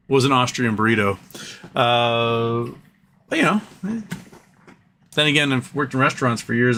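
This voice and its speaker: A man hosts a casual live stream from a room at home, rambling through stories with plenty of fillers and side tangents. His voice is bright and forward, and a faint hiss of noise sits behind it. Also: mid-range voice. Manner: rambling, animated storyteller with frequent fillers and asides.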